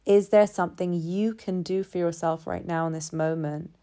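A woman speaking in a calm, measured reflective monologue, building her points through repeated phrases. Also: fairly low pitch.

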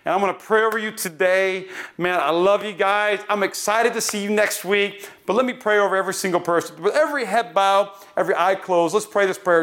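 Pastor, male, thirties, high voice, earnest and pleading. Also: brisk, a bit bright. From North Dakota. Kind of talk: sermon. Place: church building.

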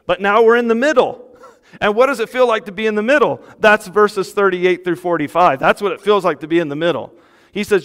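A man preaching a sermon to a congregation, conversational and animated, with jokes and laughs. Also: high voice, moderate pace, in a large hall. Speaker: pastor.

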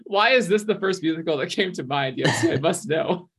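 Co-host, husky voice, wry, incredulous, casual chat. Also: medium pitch, lively intonation, normal speed, a bit bright. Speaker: podcast co-host.

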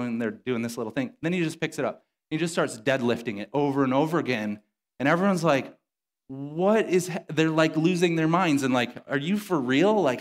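A man delivers a sermon in a church with a relaxed, conversational flow. He tells stories with energy, voicing the people in them. His voice sits at an ordinary middle pitch for a man. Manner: conversational, animated storytelling with voiced quotes. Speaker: pastor.

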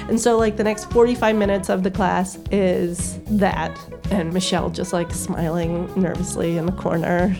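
A woman in her thirties with a lowish voice and vocal fry speaks at normal speed, with faint music playing behind. As a podcast guest, she tells a lively story and acts out the voices of her classmates.

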